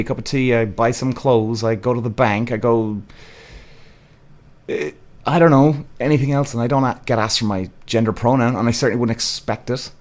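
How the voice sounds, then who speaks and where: A man from Cork with an Irish accent, hosting a live podcast and reading viewers' comments, blunt and exasperated, swearing freely. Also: medium pitch. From Ireland. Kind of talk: casual live-stream chat.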